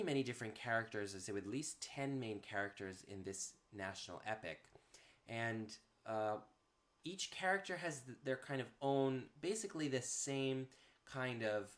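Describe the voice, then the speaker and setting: A man presenting a literary music program, explaining at an unhurried pace and pausing to find words, then reading verse in a measured, rhythmic cadence. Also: medium pitch, a bit bright. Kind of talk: informal explanation and poetry reading.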